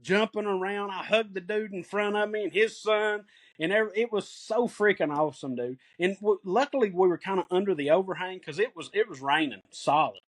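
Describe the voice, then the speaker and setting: Excited Tennessee man telling stories. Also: high-pitched, fairly quick. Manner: excited storytelling, folksy. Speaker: podcast co-host. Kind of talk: casual sports podcast chat.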